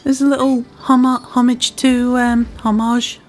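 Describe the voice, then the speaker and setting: A woman's voice: fairly high pitch, little pitch movement, measured pace, soft background music. A woman with a part Scouse, part Welsh accent, casually commentating a game she is playing, chatty and self-deprecating. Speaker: gaming channel host. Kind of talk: casual let's-play commentary.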